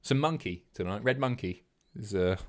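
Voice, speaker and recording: A man's voice: on the low side, animated, normal speed. A man streaming, casually commenting on TV clips with a lot of swearing.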